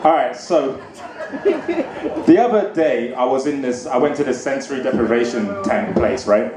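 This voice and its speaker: A man doing a stand-up comedy set, animated and conversational, on a club stage with a handheld mic. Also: mid-range voice, moderate pace. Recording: echoey club with background noise.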